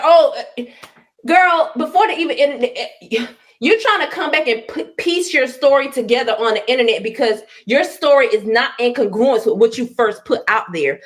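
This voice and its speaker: A woman ranting on a live stream, combative and profane, firing off mocking insults. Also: high-pitched. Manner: profane, combative, loud bursts of mockery. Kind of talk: angry live-stream rant.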